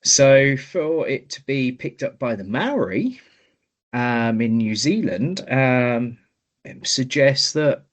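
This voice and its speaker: A man's voice: mid-range voice, very animated, slow. A man co-hosting a podcast, explaining a legend in casual chat with lots of hesitant ums. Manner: hesitant, many ums while explaining research. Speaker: podcast co-host.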